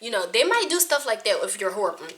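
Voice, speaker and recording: Frank, laughing woman with a bright voice. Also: mid-range voice, very animated, quick pace. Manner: frank, chatty, laughs often. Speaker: acting coach and casting judge. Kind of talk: casual advice to camera.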